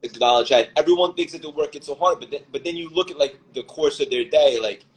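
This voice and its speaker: A man's voice: a little high, fast talker, a little hiss or hum, rough recording. A man hosting a casual live video chat, introducing his guest with hyped, effusive praise. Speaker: podcast host.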